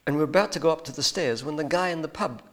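Speaking rapid-fire in a slightly high voice, a man gives a personal testimony pointing toward a spiritual lesson. The telling is hesitant and rambling, full of ums and false starts.

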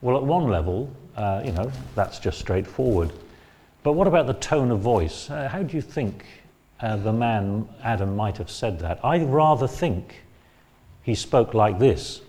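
A man gives an expository sermon, building his points step by step in a measured, explanatory way. He pauses on frequent fillers, and his voice sits on the low side. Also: lively intonation, mellow. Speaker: preacher.

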